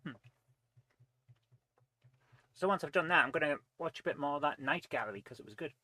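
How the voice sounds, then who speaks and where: Bright-voiced man streaming a game. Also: on the high side, lively intonation, a little fast, no echo. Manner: rambling, reads chat aloud, eats while talking. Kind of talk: casual live-stream chat.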